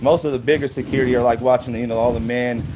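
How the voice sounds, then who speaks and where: A man's voice: medium pitch, fairly even intonation, racing, noisy background. A man as an interview guest, telling long casual stories in a rambling way and filling gaps with "you know". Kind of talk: casual storytelling. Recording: slightly dull lo-fi sound.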